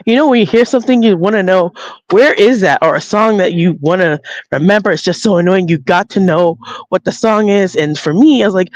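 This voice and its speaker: A woman's voice: fairly low pitch, lively intonation, normal speed, no echo. A woman walking outdoors, telling a story in a chatty, casual way and acting out the voices of people in it. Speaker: vlogger. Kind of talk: casual spoken vlog. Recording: dull lo-fi audio.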